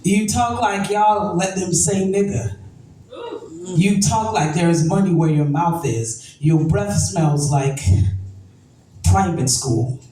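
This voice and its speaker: Captured far from the mic in a spacious, echoey event venue with slight noise, a woman poet performs spoken word slowly in a low, dark-toned voice. Her delivery is rhythmic and emphatic, built around repeated refrains.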